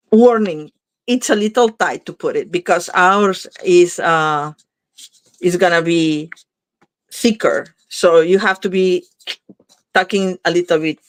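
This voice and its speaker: A woman hosting a card-making video, chatting casually and thinking aloud as she works, often stopping to correct herself. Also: on the low side. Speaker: craft video host. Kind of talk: casual crafting demo chat.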